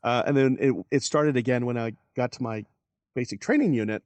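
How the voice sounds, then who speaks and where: A man in his forties recounts his army days as a podcast guest, animated and quick to act out other people's lines. His voice sits at an ordinary middle pitch, and the recording is close and dry. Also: dry recording. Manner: animated, acts out quoted voices, laughs while telling. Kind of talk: casual storytelling.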